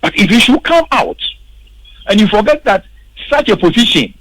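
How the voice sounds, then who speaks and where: A man's voice: sits high, very animated, moderate pace, a bit bright, dry recording, rough recording. A man, speaking as a political commentator on a radio panel and stressing his points emphatically. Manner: emphatic, repeats words for stress. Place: radio studio.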